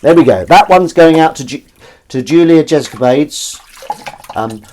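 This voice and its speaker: A man with a slightly high, mellow voice and lively intonation speaks a little slowly as he hosts a comedy livestream at his kitchen sink. Between washing dishes, he banters casually, reads out viewer comments, and rambles while teasing himself. The background carries running water and clinking dishes.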